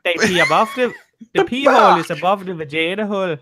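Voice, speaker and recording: A woman's voice: mid-range voice, lively intonation, quick pace, noisy background, voice pushed up, close to an everyday voice. A woman doing a weird, vaguely Scottish-sounding voice of a crude, rambling man who babbles in broken grammar.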